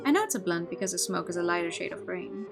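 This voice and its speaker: A woman's voice: fairly low pitch, animated, fast, gravelly, loud music behind the voice. A young woman streamer who reads a visual novel aloud, with rambling, stammering asides in between.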